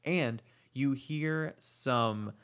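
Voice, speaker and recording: A man's voice: medium pitch, drawn-out words, a bit bright, clean tone. A man hosts a casual podcast chat. His voice sits mid-range, and he rambles along with plenty of fillers. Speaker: podcast host.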